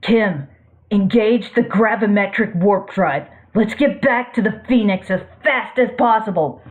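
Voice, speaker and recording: A woman's voice: medium pitch, a little slow, lightly acted. A woman voicing a young male hero who speaks in a firm, commanding way. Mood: urgent. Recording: tinny phone-like audio.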